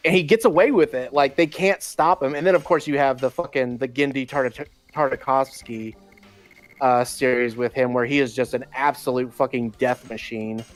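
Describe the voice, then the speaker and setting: A man chatting casually on a gaming stream, ranting with plenty of swearing. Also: medium pitch. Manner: profane, ranting.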